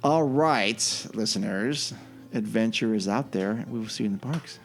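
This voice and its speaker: A man's voice: on the low side, normal speed, faint music behind. A man hosting a podcast, chatting casually in an easygoing, rambling way as he wraps up the show. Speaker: podcast host.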